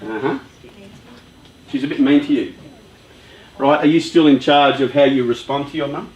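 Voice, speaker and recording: A lively man leads a motivational workshop for young people, trading questions with the audience and telling stories with a chatty touch. His mid-pitched voice rings around a roomy, echoing space. He sounds easygoing and direct. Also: moderate pace, dull audio. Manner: lively, chatty storyteller who talks with the audience. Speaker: youth workshop speaker.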